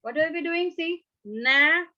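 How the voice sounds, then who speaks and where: A woman teaching an English grammar lesson online, repeating words slowly and checking in with "right?" and "okay?". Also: high voice, animated, highs cut off.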